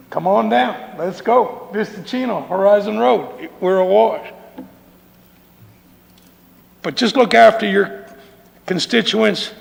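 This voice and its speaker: Gravelly, emotional man in a hall. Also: sits high, a little slow, darkish tone. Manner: emotional, folksy, repeats phrases, says y'all. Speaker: public commenter. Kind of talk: emotional public comment. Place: council chamber. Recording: long hall reverb.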